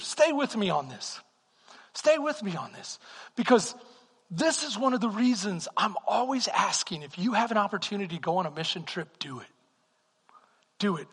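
Middle-aged male pastor, animated sermon storytelling, high voice, husky edge, long hall reverb. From Texas. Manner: animated storytelling, swings from hushed to loud.

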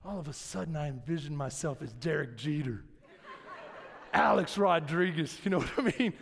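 A man's voice: fairly high pitch, normal speed, vocal fry, a faint crowd, slight background noise. A middle-aged man preaching a sermon as pastor, telling stories and calling out to his congregation. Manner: animated storytelling, calling out to the congregation. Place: church sanctuary with congregation. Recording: long reverb of a large hall.

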